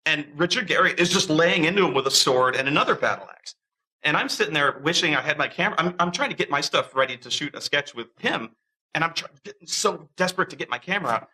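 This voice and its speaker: A man tells a story in a casual, animated way, acting out the voices of the people he quotes. His voice is very bright, and he often restarts his sentences. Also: a little high, fast, slightly rough, low-quality recording. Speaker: interviewee.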